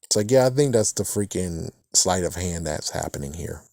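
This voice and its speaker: Low, mellow-voiced man rambling through a recap. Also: expressive, normal speed, creaky, dry recording, studio quality. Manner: rambling, swears casually, chuckles often. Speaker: TV episode reviewer. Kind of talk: casual episode recap.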